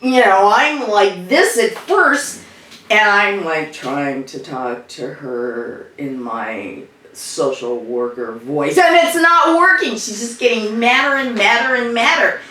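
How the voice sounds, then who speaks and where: An actress improvises a female social worker recounting a family row in a rambling, conversational monologue full of fillers. Her mid-range voice is animated, slow, bright and forceful. An echoey room and distant mic add slight background noise.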